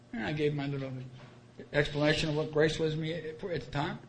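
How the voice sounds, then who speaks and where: A man's voice: fairly high pitch, steady tone, a little fast, slight background noise. Earnest plain-spoken man sharing testimony. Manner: earnest, colloquial, repeats key phrases. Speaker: speaker sharing his story at a recovery meeting.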